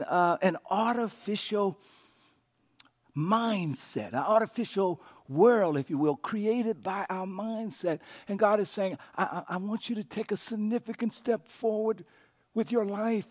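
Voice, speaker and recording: A man preaching a sermon as pastor, telling a story with dramatic rises and hushed repeated words. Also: high-pitched, a little slow. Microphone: podcast recording of a sermon.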